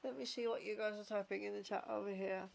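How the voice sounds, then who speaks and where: A woman's voice: mid-range voice, steady tone, fast talker, creaky, slight background noise. A middle-aged woman streaming a game, rambling casually, swearing and reading game text aloud. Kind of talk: casual gameplay commentary.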